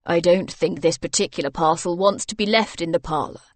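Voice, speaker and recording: A woman voicing a confident, teasing newlywed man in a low, fond manner for an audiobook. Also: brisk, no room sound, lightly acted.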